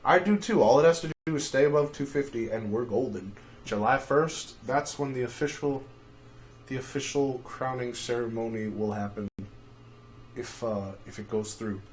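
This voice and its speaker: A young man chats casually on a livestream. His delivery is rambling and profane, full of crude dark humor, and a faint noise hangs behind him. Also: mid-range voice, normal speed. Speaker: livestream host.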